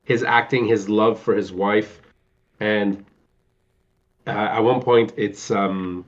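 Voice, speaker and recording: A man's voice: lowish voice, steady tone, takes it slowly. Rambling man on a muffled recording. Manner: rambling, searching for names, acts out film scenes. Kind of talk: casual chat.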